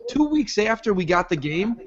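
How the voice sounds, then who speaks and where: A man with a slightly high voice hosts a gaming podcast and drives his points home in an emphatic, lecturing way. The sound is dull and lo-fi. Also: big pitch swings, moderate pace. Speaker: podcast host. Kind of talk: opinionated podcast discussion.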